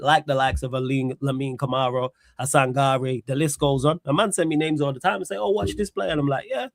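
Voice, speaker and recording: A man's voice: a little high, dry recording, clean studio sound. A man, talking football casually as co-host of a podcast, chatty and rambling. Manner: chatty, rambling, often restarts.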